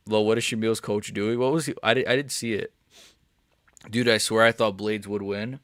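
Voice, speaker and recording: Excitable young man streaming fight reactions. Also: fairly low pitch, normal speed, long pauses, no echo, clean studio sound. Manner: excitable, swings from mumbling to yelling, swears and laughs often. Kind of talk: live-stream reaction chat.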